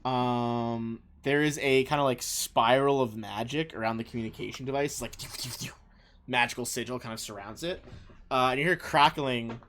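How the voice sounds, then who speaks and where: A man's voice: mid-range voice, normal speed, fairly bright tone, a little hiss or hum. A young man narrating a tabletop game as game master, improvising with lots of fillers. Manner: loose, filler-heavy improvising.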